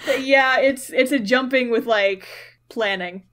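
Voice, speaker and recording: A woman co-hosts a casual anime podcast, retelling an episode and slipping into quick character impressions. Her voice sits a little higher than most women's. She keeps the talk loose and chatty. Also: a bit bright. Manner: chatty, acts out characters' lines in quotes. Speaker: podcast co-host. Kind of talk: casual anime recap chat.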